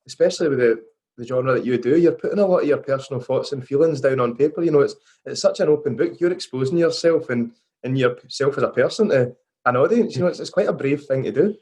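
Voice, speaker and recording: A man's voice: medium pitch, fast, darkish tone. A Scottish man hosting a podcast, asking chatty, eager questions. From Scotland. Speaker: podcast host. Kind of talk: podcast interview.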